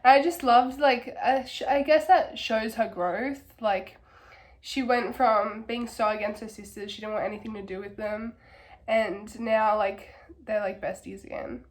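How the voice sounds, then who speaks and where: A young woman with a slightly high voice, hoarse from a cold. She rambles through a casual book rant with an eager, filler-packed delivery. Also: fairly even intonation, a little slow. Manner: rambling, filler-heavy, enthusiastic. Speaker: book reviewer. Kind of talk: casual ranting book review.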